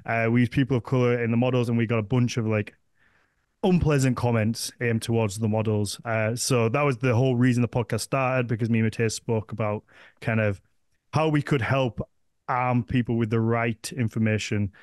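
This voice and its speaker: A man's voice: medium pitch, fairly even intonation, normal speed, darkish tone, clean tone, no room sound, clean studio sound. A man with a Northern English accent hosting a podcast, chatting casually and rambling with frequent restarts. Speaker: podcast host.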